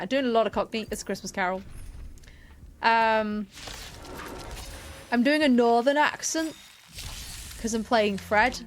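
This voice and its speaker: Chatty rambling woman streamer. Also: a little high. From England. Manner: chatty, rambling, keeps interrupting herself. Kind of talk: casual live-stream chat while gaming.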